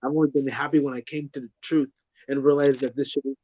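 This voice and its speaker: A man's voice: mid-range voice, level tone, fast, warm tone, lo-fi sound. A young man in casual chat, rambling and swearing, often repeating words as he talks.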